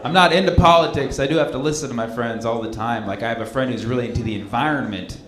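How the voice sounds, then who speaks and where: A man's voice: mid-range voice, fast talker. A male stand-up comedian on a club stage, playfully coaxing the audience along. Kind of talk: stand-up set. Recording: echoey club, loud crowd and noise.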